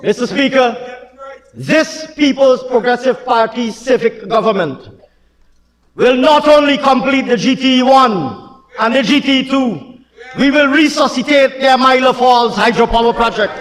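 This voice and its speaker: A man's voice: very high-pitched, moderate pace, fairly bright tone. A man with a Guyanese accent, a government minister giving a heated, taunting parliamentary speech full of repetition. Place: parliament chamber. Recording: long chamber reverb, faint murmuring crowd.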